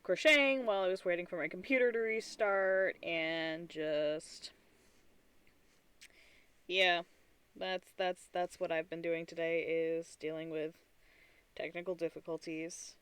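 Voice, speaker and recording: A woman's voice: lowish voice, steady tone, unhurried, fairly bright tone, clear, resonant tone. A tired woman streamer chatting casually and rambling, with frequent restarts and giggly asides. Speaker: streamer and artist. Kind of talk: casual live-stream chat.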